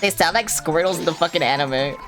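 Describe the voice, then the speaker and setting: A woman's voice: deep voice, brisk. A young woman streaming a video game at home, chatting casually with the game, swearing now and then. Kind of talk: live gameplay commentary. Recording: game music playing underneath.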